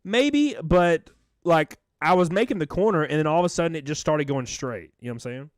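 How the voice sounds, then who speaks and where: A man's voice: on the high side, lively intonation, fairly quick, dry recording, studio quality. A man live-streaming in a casual, rambling way, joking, swearing freely and thanking his viewers by name.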